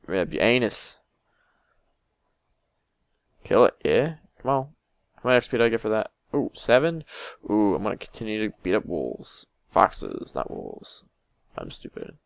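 A young man narrates his game in crude, excitable bursts, swearing at enemies and begging for help. His voice is gravelly yet smooth, set fairly low. It sounds dry and close, with mouse clicks behind. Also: no echo. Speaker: gamer. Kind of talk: let's play commentary.

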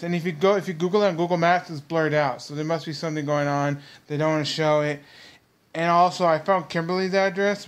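A man's voice: fairly high pitch, clean tone. A young man hosting his own vlog, ranting heatedly and repetitively straight at his viewers. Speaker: vlog host.

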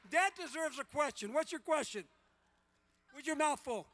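A man in his sixties banters with fans at a convention panel, loud and teasing, his bright, high voice carrying into a large hall. He jokes constantly and often breaks into shouts and laughter. A handheld mic picks him up. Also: animated, moderate pace, a little hiss or hum. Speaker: celebrity convention panel guest.

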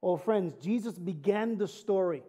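A pastor preaches earnestly in a high, unhurried voice that is mellow and husky, telling stories with light humor in a conversational way and building to emphatic climaxes.

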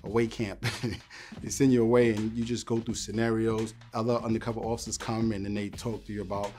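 Brief: man, former cop, tells war stories with lively, swinging delivery, faint music bed. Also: on the low side, fairly quick. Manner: animated storyteller, acts out voices in quotes. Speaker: former police officer. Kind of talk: storytelling interview.

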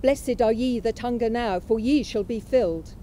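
A woman reading aloud from a lecture at a memorial event in a measured, unhurried way. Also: a little high, mellow, a little hiss or hum, rough recording. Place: college chapel.

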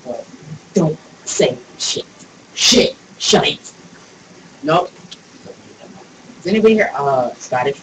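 A man's voice: a little high, very animated, unhurried, long pauses. A man chatting casually while playing a game, joking and swearing with his friends. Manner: joking, profane banter. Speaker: gamer. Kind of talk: casual gaming chat. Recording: distant mic with room noise.

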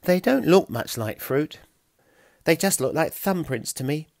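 A man voicing a soft, friendly Stone Age girl who talks gently and with amusement. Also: on the high side, expressive, unhurried, dry recording, clean studio sound, pitched above the performer's own voice. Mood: gentle.

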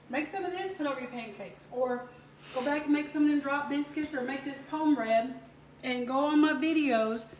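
Southern woman, high voice, homey cooking host, easy y'all-style chat. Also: slight background noise. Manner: homey, chatty, addresses viewers as y'all. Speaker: home cook host. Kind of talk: casual cooking demo.

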